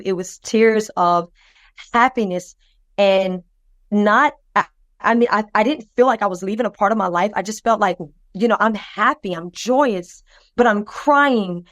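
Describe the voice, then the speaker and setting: A woman co-hosting a podcast, telling a personal story with lively expression. She slips into other people's voices as she retells what they said, and her speech wanders with fillers and restarts. Her voice sits at a medium pitch and sounds dry and close, with no room around it. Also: measured pace, no echo. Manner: loose, rambling delivery with many fillers and restarts. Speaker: podcast co-host.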